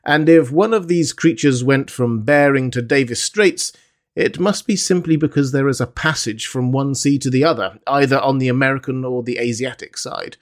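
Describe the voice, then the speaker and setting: A man's voice: medium pitch, normal speed, lightly acted. A man reading the part of a learned professor in an audiobook, inquiring and explanatory. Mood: explaining.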